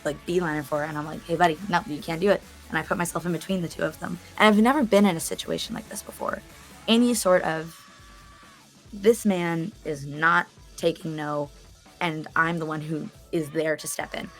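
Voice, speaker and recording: Chatty young woman, lowish voice. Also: moderate pace, soft background music. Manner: animated, chatty, laughs often, swears. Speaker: interview guest. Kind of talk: casual storytelling.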